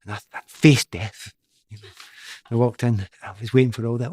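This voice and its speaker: A middle-aged Scottish man tells his stories in a lively, self-deprecating way, often restarting his sentences. His voice sits at a middling pitch. The sound is dry and close. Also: a little fast, breathy edge, no echo. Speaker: guest, former footballer. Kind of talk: casual storytelling.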